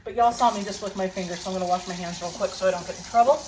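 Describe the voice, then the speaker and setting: A woman's voice: mid-range voice, very fast, noisy background. A woman chatting casually to her viewers while cooking and tasting food in a home kitchen. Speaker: cooking vlogger.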